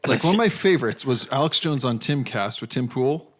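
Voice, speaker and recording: A man co-hosting a podcast in casual chat, a rambling, animated storyteller. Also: mid-range voice, a little fast. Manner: rambling, animated storyteller who slips into mock voices. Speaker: podcast co-host.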